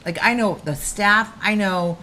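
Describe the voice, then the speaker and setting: A woman's voice: mid-range voice, unhurried, slight background noise. A woman co-hosting a casual chat show, telling gossip stories with lots of quoted back-and-forth. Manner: gossipy, animated storytelling with quoted voices. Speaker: co-host.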